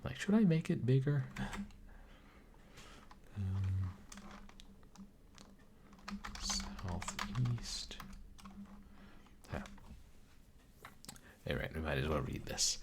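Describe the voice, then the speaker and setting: A man streaming a text adventure who chats with viewers, mutters his typed commands and reads the game's narration aloud in a measured storytelling voice. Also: sits low, big pitch swings, a little mellow, slightly rough. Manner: chatty, greets and thanks viewers, muses aloud over puzzles. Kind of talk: live game stream, reading game text aloud.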